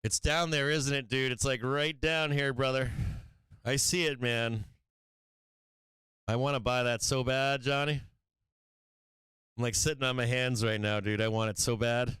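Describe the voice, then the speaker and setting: A man's voice: mid-range voice, fairly even intonation, unhurried, long pauses, fairly bright tone, smooth, no echo. A man hosting a livestream market show, talking trading in a brash, profane, rambling way and laughing often. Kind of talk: casual livestream trading talk. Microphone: studio microphone.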